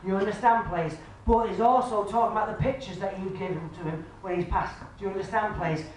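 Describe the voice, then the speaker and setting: A woman's voice: mid-range voice, fairly quick, darkish tone. Echoey far-off woman medium. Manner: keeps asking "do you understand, please?"; chatty, homely, addresses the sitter as love and sweetheart. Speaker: spiritualist medium. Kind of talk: live mediumship reading to an audience. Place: club function room. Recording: very echoey room, far mic, faint noise.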